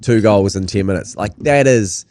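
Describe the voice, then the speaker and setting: A man's voice: lowish voice, moderate pace, a little mellow, no echo. Wry Kiwi man in a dry studio. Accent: New Zealand. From New Zealand. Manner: wry, rambling storytelling. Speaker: guest co-host. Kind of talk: casual podcast banter.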